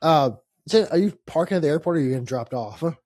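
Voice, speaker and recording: A man co-hosting a casual sports podcast with a voice that sits a little high for a man. He talks in quick, rambling, jokey bursts and swears casually. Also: expressive, darkish tone. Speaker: podcast co-host. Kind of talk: casual chat.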